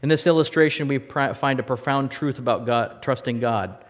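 A man preaching a sermon with illustrations and a closing prayer, talking earnestly, rising for emphasis and dropping soft. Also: mid-range voice, moderate pace, long reverb tail.

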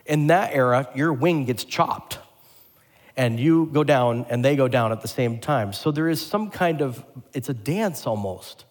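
A pastor delivering a lively sermon, asking the congregation questions and joking with them. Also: male voice, medium pitch, measured pace. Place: church sanctuary. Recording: long hall reverb.

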